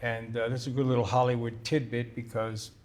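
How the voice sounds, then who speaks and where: A man's voice: medium pitch, level tone, a little fast, a little mellow. An older man with a mid-range voice is a guest in a conversational interview. He recounts anecdotes with animation and acts out the voices of the people in them. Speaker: guest, writer-director.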